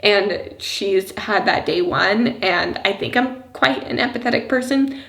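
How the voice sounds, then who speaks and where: Woman vlogger, mother of a young kid, casual and rambling with lots of fillers, middle pitch, echoey room. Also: unhurried, vocal fry. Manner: chatty and rambling, many "like" and "you know" fillers; laughs softly between thoughts. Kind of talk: casual personal vlog talk. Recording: roomy echo.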